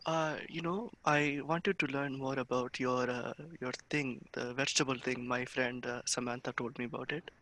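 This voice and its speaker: A man's voice: medium pitch, steady tone, bright, forceful tone, slight background noise, close to an everyday voice. A man putting on a hesitant Indian housewife. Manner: hesitant, halting speech full of uhs. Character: hesitant Indian housewife, woman, middle-aged. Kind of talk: sales call role-play.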